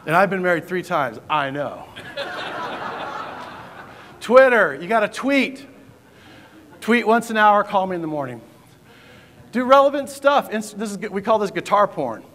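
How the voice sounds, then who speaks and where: In a large conference hall, a man gives a joking, punchy keynote to a live audience, often asking the crowd questions. His voice is high-pitched and a bit bright, with lively intonation, a slightly slow pace and frequent pauses. The recording has distant hall reverb and faint ambience.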